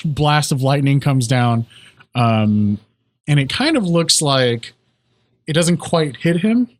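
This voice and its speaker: Slow, hesitant male game master. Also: medium pitch, expressive. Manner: slow, hesitant narration with many ums. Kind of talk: narrating a tabletop game.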